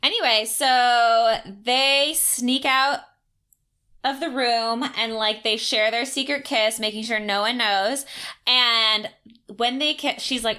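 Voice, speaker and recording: A woman co-hosts a casual book podcast, her voice bright and slightly high. She retells scenes with animated energy, acting out characters' lines and filling her talk with "like". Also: a little slow. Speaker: podcast co-host. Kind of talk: casual book-discussion chat.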